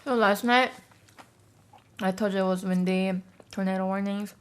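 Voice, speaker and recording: A woman's voice: medium pitch, fairly even intonation, normal speed, clean tone. A woman vlogger chatting casually while eating, telling stories with many fillers. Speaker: mukbang vlogger.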